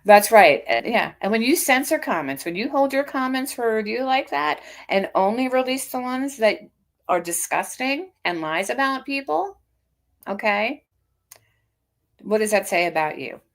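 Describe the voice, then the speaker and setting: A woman's voice: on the high side, lively intonation, normal speed. A woman in her fifties hosting a casual livestream, reading out a critic's posts and mocking them with sarcastic comebacks. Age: 50s. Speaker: livestream host. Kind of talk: casual reaction stream.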